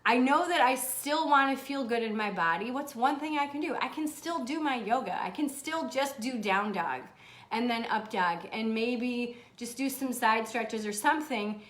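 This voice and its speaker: A woman's voice: a little high, moderate pace, a bit bright. A woman chatting casually on a livestream, reading viewer comments, laughing often and swearing now and then. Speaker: motivational vlogger reading live comments. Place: indoors, seated.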